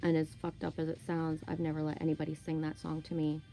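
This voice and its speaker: A woman's voice: deep voice, completely flat delivery, quick pace, creaky, dark tone, rough recording. A woman, talking to camera in a candid, rambling, profane monologue, with faint music behind her. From Canada. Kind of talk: casual monologue.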